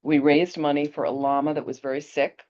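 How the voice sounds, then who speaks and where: A woman Buddhist teacher giving a teaching talk, telling a personal story in an animated, chatty way. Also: sits low, a little fast. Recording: dull lo-fi audio.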